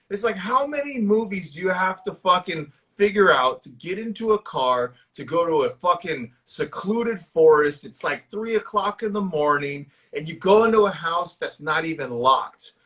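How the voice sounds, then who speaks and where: A man co-hosting a casual horror movie chat, talking in an excitable, profane way and laughing often. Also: high-pitched. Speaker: co-host of a horror movie discussion.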